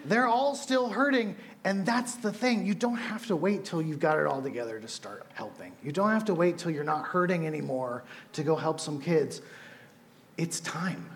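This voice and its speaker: A man's voice: on the high side, normal speed, few pauses, a little hiss or hum. A man preaching as a youth pastor, telling stories in a casual, chatty way. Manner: casual, storytelling, animated asides. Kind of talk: sermon.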